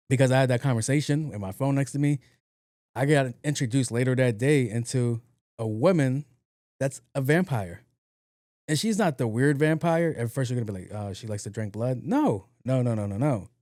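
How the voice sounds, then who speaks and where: A man's voice: medium pitch, no echo, clean studio sound. A young man hosting a podcast, telling a story in a casual monologue, acting out both sides of a conversation and swearing freely. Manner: animated, acts out dialogue, swears freely. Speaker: podcast host.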